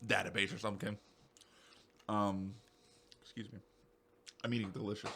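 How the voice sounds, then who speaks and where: Excitable, rambling young man on a podcast. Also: on the low side, moderate pace, creaky. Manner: rambling, excitable, swears freely. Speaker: podcast co-host. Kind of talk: casual podcast chat.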